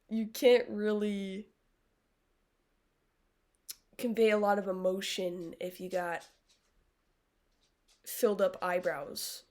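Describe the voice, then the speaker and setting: A young adult woman livestreamer with a medium-pitched, darkish voice chats casually with viewers. She's blunt and sarcastic and swears freely.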